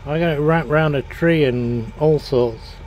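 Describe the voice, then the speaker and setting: Older guy streaming a farm game, slow rambly chat, soft engine hum behind. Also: a little high. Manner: rambling, chatty, drifting between game and old stories. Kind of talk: casual chat while playing a farming game.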